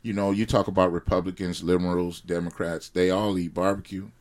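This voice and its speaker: A man guest on a podcast, talking in casual chat with animated, preachy rants that swell loud. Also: low voice, brisk. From United States. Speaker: podcast guest, sauce company founder.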